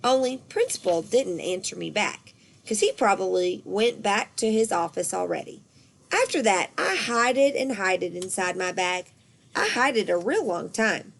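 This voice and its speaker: A woman reading a children's storybook aloud, lively and expressive. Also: medium pitch, measured pace, creaky.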